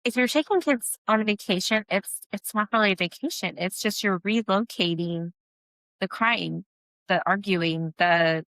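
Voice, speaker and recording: A woman co-hosting a podcast in casual chat, reflective and quick with short agreeing replies. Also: medium pitch, a bit bright, no echo. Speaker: podcast co-host.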